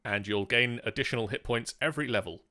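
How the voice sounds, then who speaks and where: Acting as game master, a man patiently reads out the rules, steady and using fillers, while a player creates a character over a voice call. His medium-pitched voice moves at a quick pace, in a dry, studio-quality recording.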